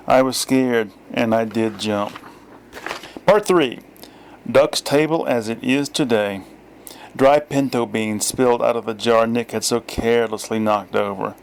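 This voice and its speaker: Middle-aged man, deadpan story reader, medium pitch. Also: creaky, a little hiss or hum. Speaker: author reading his story. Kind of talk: first-person story reading.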